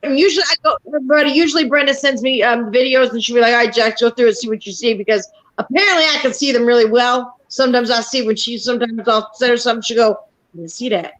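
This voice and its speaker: High-voiced rambling woman. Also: fast talker, few pauses, fairly bright tone, low-quality recording. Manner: rambling storyteller, restarts and quoted asides. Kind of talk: casual video call chat.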